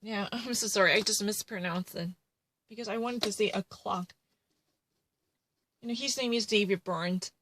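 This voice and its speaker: A woman's voice: mid-range voice, normal speed, long pauses, noisy background. A woman retelling a true crime case in casual commentary, rambling and full of fillers and self-corrections.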